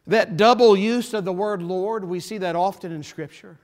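A man preaching a sermon as pastor, impassioned, repeating phrases and building to forceful emphasis. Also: high voice, normal speed.

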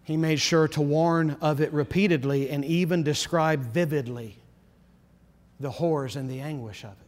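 A man preaching a sermon as pastor, earnest and insistent, often dropping to a low, solemn emphasis. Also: moderate pace, long reverb tail.

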